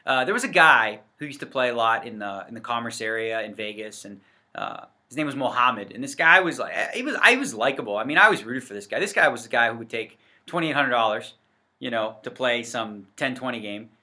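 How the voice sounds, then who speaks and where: A man's voice: mid-range voice, animated, brisk, pushed and bright. A man giving a casual, rambling rant to camera on a vlog, full of fillers and self-corrections. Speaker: poker vlogger. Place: indoors in front of a set backdrop. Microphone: facing the camera.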